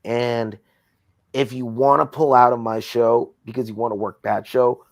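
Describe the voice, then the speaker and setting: A man's voice: medium pitch, little pitch movement, normal speed, gravelly. A man from Southern California rants with heat and plenty of swearing, speaking in a mid-range voice. The sound is close and dry, with no room echo at all. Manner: profane, heated ranting. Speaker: wrestling promoter. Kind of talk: casual interview.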